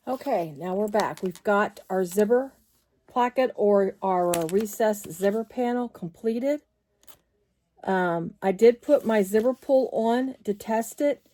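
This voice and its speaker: A woman's voice: mid-range voice, slight background noise. A woman giving a casual sewing tutorial in a chatty, rambling way, full of fillers and restarts. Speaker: sewing pattern designer.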